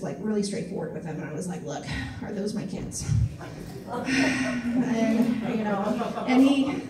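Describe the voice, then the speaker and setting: A woman from Missouri doing a stand-up comedy set on a club stage, with a dry, self-deprecating delivery full of pauses and fillers. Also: medium pitch, dark tone, a little hiss or hum. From Missouri, USA. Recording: echoey club room, mic from a distance, faint ambience.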